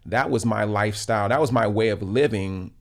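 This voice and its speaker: A man in his thirties from South Los Angeles, speaking low with a gravelly, creaky texture. He tells stories in relaxed conversation, reflective and unhurried, often restarting his sentences and leaning on fillers. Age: 30s. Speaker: podcast guest. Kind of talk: casual conversational storytelling.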